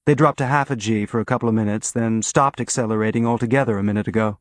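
A man's voice: fairly low pitch, fast talker, no room sound, close to an everyday voice. A man voicing a competent woman ship engineer who reports in a matter-of-fact way.

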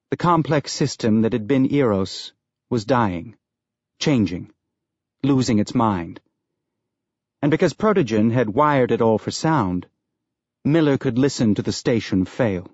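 A man narrating an audiobook in a measured, even storytelling manner. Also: medium pitch, no echo, muffled recording. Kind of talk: scripted narration.

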